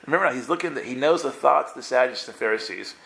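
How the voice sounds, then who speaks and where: A man teaching the Bible in a loose, conversational way, with a voice of ordinary middle pitch for a man. He keeps it playful and slips into little character voices as he retells the scenes. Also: racing, gravelly, fairly bright tone.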